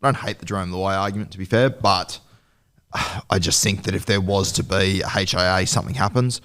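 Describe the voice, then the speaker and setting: Very low-voiced Aussie podcast co-host, earnest and opinionated, casual footy talk. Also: male voice, a little fast, a bit bright, clean tone. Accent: Australian. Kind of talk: casual sports chat.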